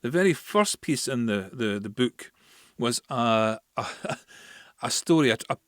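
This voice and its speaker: A Scottish man with a voice of ordinary pitch talks through a history topic as a podcast host. His delivery is casual and chatty, full of asides. The recording is dry and close, with no room sound. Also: animated, unhurried, no room sound. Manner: chatty, explains with asides and fillers.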